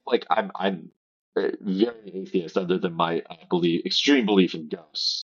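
Low-voiced rambling man on a call. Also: steady tone, moderate pace, lo-fi sound. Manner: rambling storyteller with swearing and fillers. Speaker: podcast co-host. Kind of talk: casual chat. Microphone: remote call.

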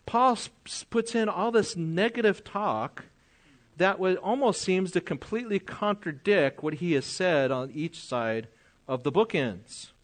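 A man's voice: sits high, a bit bright. An older man preaching a sermon, reading scripture aloud, explaining it and asking his listeners questions.

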